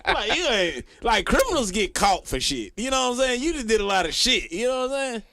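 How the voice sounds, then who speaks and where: A man's voice: extremely high pitch, a little fast, no echo. A man co-hosting a casual talk show, teasing a friend and telling stories with lots of laughter. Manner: teasing, animated storytelling with frequent laughter. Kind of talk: casual banter among friends.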